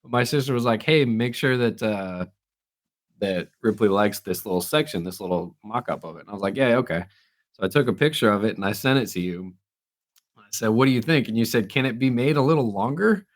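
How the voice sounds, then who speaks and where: A man's voice: lowish voice, lively intonation, fairly quick. A man co-hosting a casual podcast, telling a story, acting out other people's lines and laughing often. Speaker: podcast co-host. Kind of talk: casual chat.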